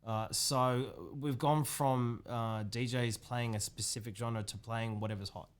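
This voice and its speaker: A man's voice: medium pitch, steady tone. A man co-hosting a podcast, talking casually with frequent restarts. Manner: halting, many restarts and fillers. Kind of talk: casual chat.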